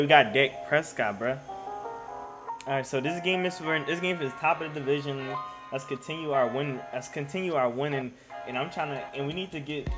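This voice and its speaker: A young man giving casual, slangy commentary on his own football video game, getting loudly hyped over big plays. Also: mid-range voice. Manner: excitable, slangy, hypes up plays. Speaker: gaming YouTuber. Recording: music playing in the background.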